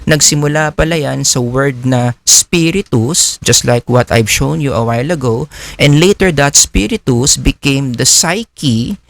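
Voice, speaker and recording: Filipino lecturer posing rhetorical questions. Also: male voice, medium pitch, vocal fry, a bit bright. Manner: explanatory, asks the class rhetorical questions. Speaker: psychology lecturer. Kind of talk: recorded lecture.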